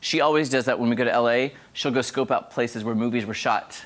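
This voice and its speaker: A man's voice: medium pitch, a little fast. A man hosting a morning TV show, chatting casually in the studio and reading viewer comments.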